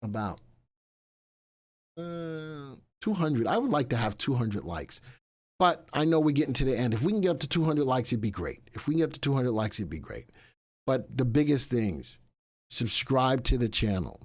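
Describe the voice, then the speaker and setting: A man hosts a live market show in a loose, chatty way, joking with his crew and drifting between asides and plugs. His voice sits at an ordinary middle pitch for a man, neither high nor low. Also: very animated, moderate pace, a little mellow. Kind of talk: casual live-stream chat.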